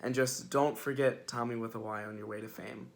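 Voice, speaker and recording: Young male first-year student, earnest read farewell, flat even intonation. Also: mid-range voice, fairly quick, gravelly. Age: young adult. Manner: earnest, heartfelt.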